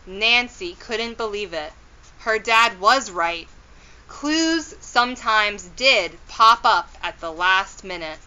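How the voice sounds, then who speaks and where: A woman reading a children's storybook aloud as storyteller, gentle and expressive. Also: medium pitch, slow pace, clean tone, dull audio.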